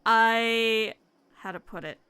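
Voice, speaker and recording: A woman's voice: a little high, slow, pushed and bright, clean tone. A young woman streamer chatting casually with her viewers while she sketches a sewing pattern, thinking aloud as she goes. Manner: thinking aloud, addressing chat. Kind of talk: casual live-stream chat while crafting.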